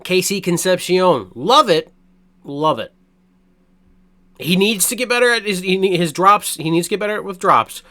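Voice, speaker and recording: A man's voice: high-pitched, normal speed. Guy ranting about draft picks, swears constantly, voice jumps all over, keeps restarting sentences. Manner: excitable, swears a lot, blunt opinions; rambling, many restarts and fillers. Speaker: sports fan reacting to a draft. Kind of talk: casual sports reaction rant.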